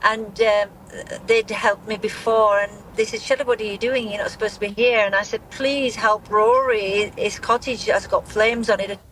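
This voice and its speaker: A middle-aged woman giving a live news interview as a grieving mother, speaking in a halting, shaken way with many restarts. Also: mid-range voice, level tone, fairly bright tone, a little hiss or hum, low-quality recording.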